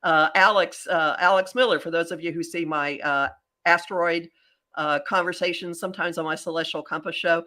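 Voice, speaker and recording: Woman, podcast host, astrologer, bright forceful tone, rambling restarts. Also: fairly low pitch, brisk. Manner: rambling, animated, with many restarts. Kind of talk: casual podcast chat.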